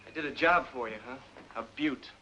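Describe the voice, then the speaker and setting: A man's voice: mid-range voice, brisk, pushed and bright, lo-fi sound, a little hiss or hum, lightly acted. An actor playing a rueful, guilt-ridden policeman who talks in a subdued, brooding way. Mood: remorseful. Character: guilt-ridden young cop who killed a bystander.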